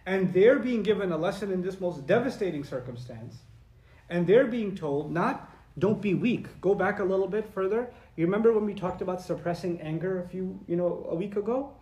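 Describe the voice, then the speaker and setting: A man preaching a lecture-style sermon in a conversational, animated way, sometimes reciting Arabic. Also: high-pitched, a little fast, roomy sound. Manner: animated and conversational, acting out quoted voices; recites Arabic verses and sources. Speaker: Islamic preacher.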